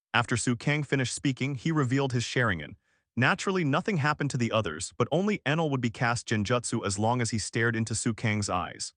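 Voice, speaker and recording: A male text-to-speech voice narrating a fantasy audiobook at a middling pitch. The delivery is flat and even, with no acting. The sound is dry and close, with no room echo. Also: brisk. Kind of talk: machine-read novel narration.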